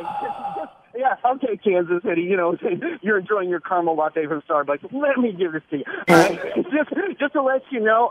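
A man calling in to a radio show, telling a rambling, self-mocking comic story with stammers and laughs over a phone line. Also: high voice. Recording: tinny phone line with studio talk behind.

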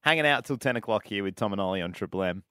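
A man's voice: fairly low pitch, lively intonation, rapid-fire, sharp tone, no echo. An Australian man hosting an evening radio show in a studio, breezily announcing songs and chatting with his co-host. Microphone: studio microphone.

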